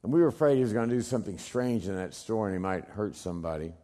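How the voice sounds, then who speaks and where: Middle-aged guy telling a story, loud bursts then real quiet bits, very dramatic. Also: lively intonation, fast talker. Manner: emphatic, swings from loud bursts to hushed low lines. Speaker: speaker telling a personal story.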